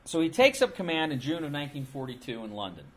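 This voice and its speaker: In a classroom, a man delivers an informal history lecture, his voice a little high and very animated, moving at a quick pace. He keeps it casual and conversational, repeating his points and phrases and restarting as he goes.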